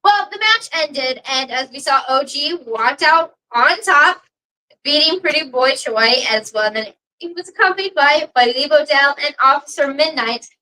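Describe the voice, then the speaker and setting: Woman co-host, high and bright, agreeable, hedging, slightly distant from the mic. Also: animated, moderate pace. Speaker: co-host of a wrestling recap stream. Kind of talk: casual chat.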